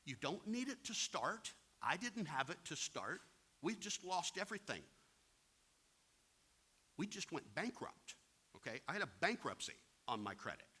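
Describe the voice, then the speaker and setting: A man's voice: on the high side, sing-song, moderate pace, bright, forceful tone, breathy edge. A plain-spoken man giving a real estate investing seminar, talking directly to the audience and acting out anecdotes. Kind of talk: seminar talk with acted-out anecdotes.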